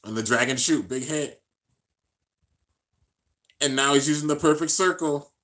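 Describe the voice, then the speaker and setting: A man giving excited, slangy play-by-play commentary while reacting to an anime, shouting out at the big moments. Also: a little high, measured pace.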